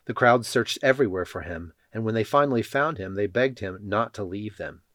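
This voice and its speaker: A man reading Bible passages and leading a prayer in a measured, solemn way. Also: lowish voice, expressive, fairly bright tone, dry recording. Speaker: scripture reader.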